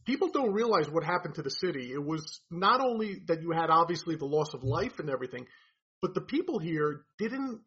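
Husky New York man, lo-fi. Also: fairly high pitch, very animated, a little fast, fairly bright tone. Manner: storytelling, explaining. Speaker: podcast guest. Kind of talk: casual conversation. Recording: dull lo-fi sound.

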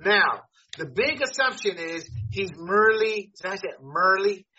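A man's voice: high-pitched, very animated, normal speed, bright, forceful tone. A man hosting a casual sports talk show, blunt and joking. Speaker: podcast host. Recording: dull lo-fi audio.

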